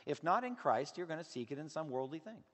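Male pastor, slightly high voice, emphatic sermon delivery, heard in a reverberant sanctuary. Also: big pitch swings, quick pace. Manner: earnest, emphatic preaching with a wide range of loudness. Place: church sanctuary. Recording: long hall reverb.

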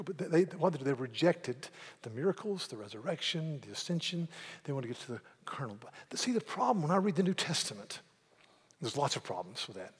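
A man preaching a sermon in a church, emphatic, slowing down to stress key words and repeating words as he starts sentences. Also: medium pitch, big pitch swings, slightly rough. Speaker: pastor. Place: church sanctuary. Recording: long hall reverb.

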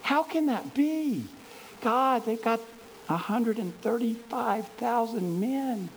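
A man playing Gideon, an anxious but eager army leader, who speaks in excited, pleading questions. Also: extremely high pitch, takes it slowly, slight background noise, pitched above the performer's own voice, heavily acted, rough recording. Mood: incredulous.

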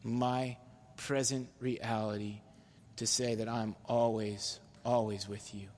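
Pastor, male, mid-pitched, earnest sermon delivery with loud emphasis and hushed appeals, church hall reverb. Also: level tone, slow. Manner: earnest, swings between loud emphasis and soft low-voiced appeals. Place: church sanctuary.

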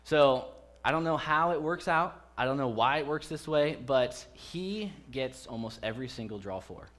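A man in his thirties preaches a casual sermon in a church. His voice sits at an ordinary middle pitch. He talks to the congregation like old friends and jokes with them as he goes. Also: lively intonation, moderate pace, fairly bright tone. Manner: chatty and joking with the congregation. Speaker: pastor. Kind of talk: conversational sermon.

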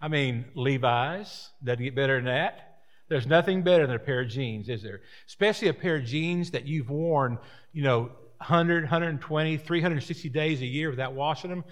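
Man, pastor, sermon, folksy, rambling, slightly high-pitched. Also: moderate pace. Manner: folksy, rambling with repeated words and asides.

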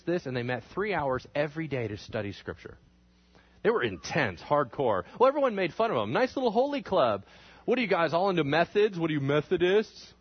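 A man gives a church history lesson with lively storytelling, swinging his pitch wide as he acts out the people in his tale. His voice sits fairly high for a man. The sound is dull and lo-fi. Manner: animated storytelling, acting out quotes with big pitch swings. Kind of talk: classroom lecture. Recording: dull lo-fi recording.

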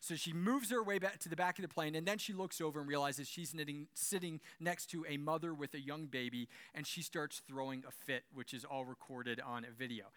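A young man preaching a sermon as a pastor, telling stories in an animated way, swinging from soft to loud and chuckling now and then. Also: a little high. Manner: animated storytelling with big swings in loudness and occasional chuckles.

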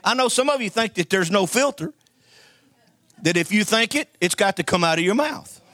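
A man's voice: sits high, lively intonation, normal speed, fairly bright tone, no room sound. A man preaching a sermon, telling folksy stories and calling for amens from the congregation. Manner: call-and-response preaching, folksy storytelling.

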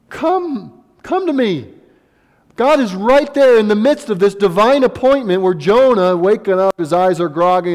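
A man in his thirties, a pastor preaching a sermon with emphatic swings between loud exclamations and hushed asides. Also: high-pitched. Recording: long reverb of a large hall.

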